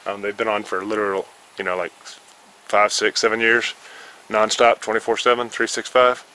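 A man's voice: lowish voice, level tone, moderate pace, bright, forceful tone, low-quality recording. A man rambling casually and with lots of swearing while he tells a story from his cluttered shed. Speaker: vlogger.

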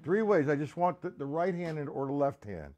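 A man giving a casual live-stream drum lesson, chatting with viewers by name and counting beats out loud. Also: a little high, sing-song, brisk, lo-fi sound, over loud music. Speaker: drum teacher.

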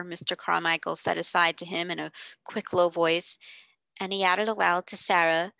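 Bright-voiced woman reading a storybook aloud. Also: fairly low pitch, level tone, normal speed, gravelly, smooth, dry recording. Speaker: tutor reading a novel aloud.

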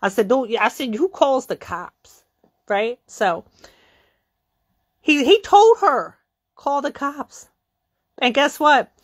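Animated, profane woman telling a story. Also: slow pace, long pauses. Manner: animated, profane, acts out quotes with sudden pitch jumps. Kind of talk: casual storytime monologue.

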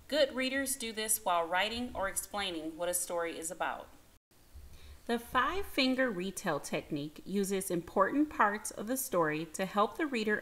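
A woman teacher giving a calm, clear, scripted reading lesson and speaking directly to young students. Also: mid-range voice. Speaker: teacher hosting an educational channel.

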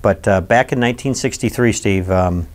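A lower-voiced man in his sixties from Michigan tells his childhood memories in an oral history interview. His storytelling is animated, and his pitch climbs when he stresses a point. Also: normal speed. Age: 60s.

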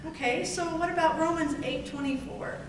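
A woman preacher delivering a fervent sermon, stretching out scripture lines with emphatic, drawn-out delivery. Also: high voice. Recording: echoey room from far off, noisy.

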